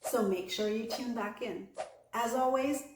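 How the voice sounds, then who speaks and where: A woman with a slightly high voice teaches English pronunciation in a clear, deliberate way, slowing down to model example sentences. Her voice rings a little in an echoey room. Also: background noise. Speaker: English accent coach. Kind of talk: online English pronunciation lesson.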